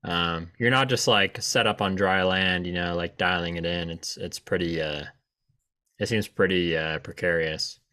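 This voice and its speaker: A man co-hosting a casual podcast, teasing his friends in relaxed, filler-heavy chat. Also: low-pitched, moderate pace. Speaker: podcast co-host.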